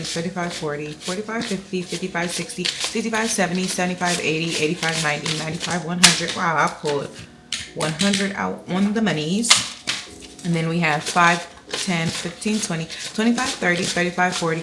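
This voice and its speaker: Low-voiced woman chatting while counting cash. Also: very noisy. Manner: chatty, counts money aloud in a slow steady rhythm. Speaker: budgeting vlogger. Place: indoors at home.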